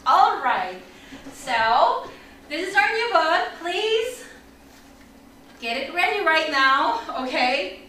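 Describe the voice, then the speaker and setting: A woman teaching an online English lesson for children, energetic and upbeat, leading repeat-after-me drills. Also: very high-pitched, slow pace, long pauses, slight background noise. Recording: echoey room, mic at a distance.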